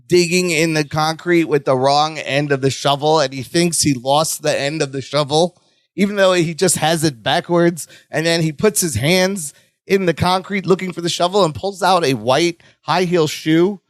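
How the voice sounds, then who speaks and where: A man's voice: moderate pace, dry recording, studio quality. A man co-hosting a podcast, chatting casually as he recaps a sitcom episode and acts out bits of dialogue. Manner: animated, acts out lines in a high whiny voice. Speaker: podcast co-host.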